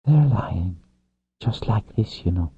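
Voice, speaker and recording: A man voicing a shy, wary young woman dragonrider who speaks softly and haltingly, set well above his own low pitch. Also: big pitch swings, breathy edge, heavily acted. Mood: hesitant. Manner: soft, hesitant, halting. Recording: tinny phone-like, dry.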